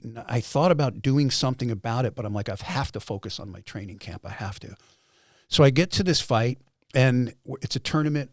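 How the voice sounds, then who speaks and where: A man's voice: mid-range voice, no echo, clean studio sound. A man in his fifties telling his story as a podcast guest, acting out quoted voices and swearing freely. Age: 50s. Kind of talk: animated storytelling.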